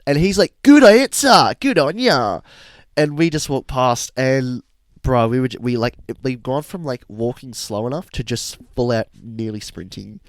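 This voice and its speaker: Animated young man telling a story. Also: medium pitch, dry recording, clean studio sound. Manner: animated, slangy, quick to laugh. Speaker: podcast host. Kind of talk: casual storytelling chat.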